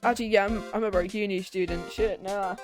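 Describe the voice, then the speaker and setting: A woman's voice: medium pitch, steady tone, a little fast, faint music behind. A young British woman in her twenties, streaming a game, chatting casually and reading its dialogue aloud in voices. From Britain. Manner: chatty, joking, reads game lines in voices.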